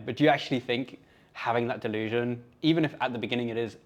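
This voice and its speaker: Quick-talking man, laughing as he asks. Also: medium pitch, lo-fi sound. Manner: self-deprecating, laughing while asking. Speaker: interviewer. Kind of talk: casual interview chat.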